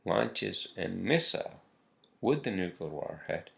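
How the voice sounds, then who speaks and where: A man with a very low, gravelly voice rants his way through a casual monologue. He talks slowly and drags his words out, and he swears at nearly every turn as he hammers his points home. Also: animated. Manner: profane, rambling, emphatic. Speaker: podcast host.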